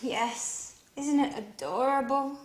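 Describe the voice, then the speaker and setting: A woman's voice: high-pitched, slow pace. An actress playing Alice, a young woman in love, in scripted dialogue for English learners. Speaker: actress in a teaching drama.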